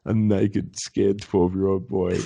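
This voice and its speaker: Animated, swearing man telling a story. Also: low-pitched, slow, gravelly, slightly rough, muffled recording. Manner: animated, swearing often, acts out voices in his stories. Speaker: podcast co-host. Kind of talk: casual storytelling chat.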